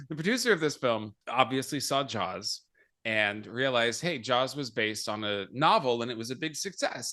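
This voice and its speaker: Male podcast host, animated and self-deprecating, bright tone. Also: mid-range voice. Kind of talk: casual podcast chat.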